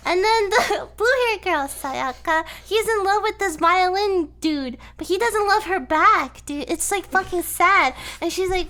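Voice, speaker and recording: A woman's voice: very high-pitched, fairly bright tone. A tipsy young woman hosting a casual chat, rambling and giggly as she retells a story and acts out the characters' lines. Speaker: host. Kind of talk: drunk casual chat, retelling an anime plot.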